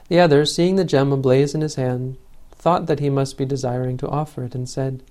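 A man reading an old legend aloud as a storyteller, in a measured, solemn way. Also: medium pitch, fairly even intonation, mellow.

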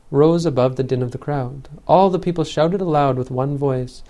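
A man reading an old legend aloud as a storyteller, in a measured, solemn way. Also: mid-range voice, warm tone.

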